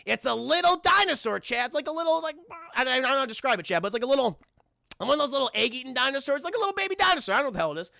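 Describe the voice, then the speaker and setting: A man giving a casual, animated, profanity-heavy spoiler review of a film and talking straight to his stream chat. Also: very high-pitched, racing, gravelly, no echo, studio quality.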